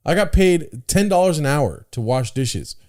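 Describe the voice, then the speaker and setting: A man's voice: on the high side, animated, normal speed, a little mellow. Blunt, joking man on a podcast. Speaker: podcast co-host. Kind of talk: casual chat.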